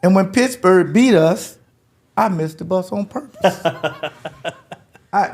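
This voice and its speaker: A man in his fifties from Jacksonville, Florida, telling stories as a guest in a lively, laughing way. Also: high voice, takes it slowly, pauses often. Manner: lively, laughing, swings between loud and quiet. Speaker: guest, former football player. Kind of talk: animated storytelling.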